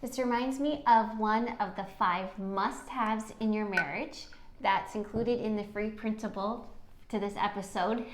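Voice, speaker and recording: A woman's voice: mid-range voice, fairly even intonation, measured pace. A woman hosting a podcast with her husband, speaking in an encouraging way and often checking in with "right?". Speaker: podcast host, wife. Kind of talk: casual advice chat. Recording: echoey room.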